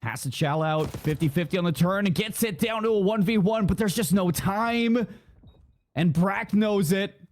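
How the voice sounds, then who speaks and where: A man calling live esports play-by-play with quick calls of the action. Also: sits high, darkish tone. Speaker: esports caster.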